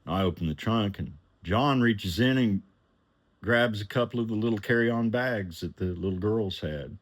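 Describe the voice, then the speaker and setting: A man telling a personal story in an animated way, acting out the voices of the people in it and chuckling now and then. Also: on the low side, normal speed.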